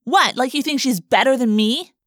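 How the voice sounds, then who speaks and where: A woman voicing a loud, tough teenage schoolgirl who acts outraged. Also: high voice, normal speed, no room sound, studio quality, voice pushed up. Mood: indignant.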